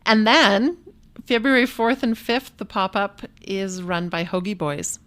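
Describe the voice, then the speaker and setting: A young woman in easy podcast chat, sharing news with plenty of ums and quick laughs. Her pitch sits right in the middle, neither high nor low. She sounds relaxed and conversational. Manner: chatty, laughs often, lots of "um" and "uh" while sharing event details. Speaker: podcast co-host. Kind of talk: casual chat.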